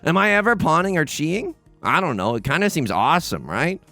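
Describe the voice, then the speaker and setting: A man hosting a let's play, commenting casually on his game with animated, joking remarks, quick restarts and self-mocking asides. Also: fairly high pitch, vocal fry, dry recording, soft background music.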